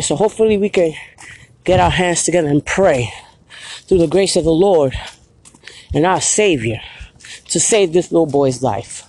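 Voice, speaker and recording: A woman's voice: lowish voice, a little mellow, a little hiss or hum, low-quality recording. A woman hosting her own vlog, talking bluntly and profanely into a phone as she walks a street at night, repeating "you feel me" often. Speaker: vlog host. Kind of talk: casual street vlog rant. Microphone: phone held while walking.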